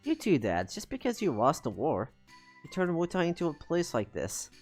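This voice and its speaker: A man's voice: fairly high pitch, wildly swooping pitch, moderate pace, a little mellow, soft background music, pitched above the performer's own voice. A man voicing a defiant young female ninja in a game, challenging her father in a raised, indignant tone.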